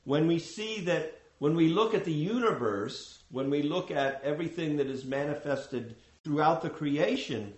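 A man giving a scripture class, explaining in a measured way with frequent restarts. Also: fairly high pitch, expressive, echoey room, poor audio. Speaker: spiritual teacher.

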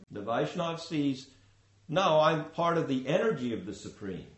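A man giving a scripture class, explaining in a measured way with frequent restarts. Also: on the high side, very animated, fairly bright tone, roomy sound, poor audio. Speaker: spiritual teacher.

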